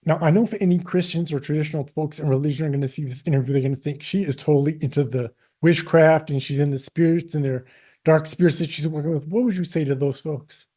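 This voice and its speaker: A man interviewing a guest, firing off questions at a quick clip. His voice sits slightly high for a man yet has a soft, mellow tone. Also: fairly even intonation. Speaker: interviewer, host. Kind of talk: casual interview.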